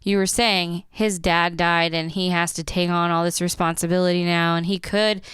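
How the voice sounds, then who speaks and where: A woman co-hosting a podcast, talking things through earnestly. Her voice is smooth and clear and sits lowish. The sound is dry and close. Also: steady tone, normal speed, fairly bright tone, dry recording. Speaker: podcast co-host. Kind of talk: casual chat.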